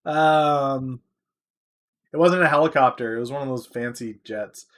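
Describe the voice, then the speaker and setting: A man's voice: medium pitch, measured pace, a bit bright. Rambling male stock streamer. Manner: rambling, answers chat, restarts often. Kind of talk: casual live-stream chat.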